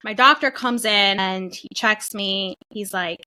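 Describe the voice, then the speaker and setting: Speaking at a medium pitch and a measured pace with few pauses, this young female podcast co-host shares her birth story in a relaxed chat. She tells it with animation and performs the quotes of others.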